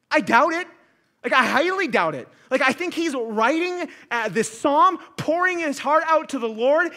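A young man preaching a sermon as pastor, swinging between loud pleading and hushed quiet. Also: high-pitched.

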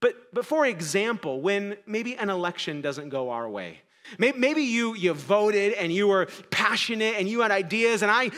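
A pastor preaches to his church in a fairly high voice that drops to near hush and then climbs to urgent emphasis. His delivery is conversational and full of small restarts. The sound carries a long hall reverb, as if captured in a church sanctuary. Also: animated, a little fast. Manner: dramatic swings between quiet and loud; conversational, self-correcting preaching. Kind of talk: sermon.

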